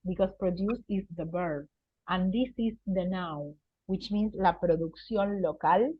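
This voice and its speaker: A woman's voice: medium pitch, measured pace, no room sound. A woman teaching an English vocabulary lesson, patiently explaining words and checking in with her students. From Argentina. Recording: dull, lo-fi and dry.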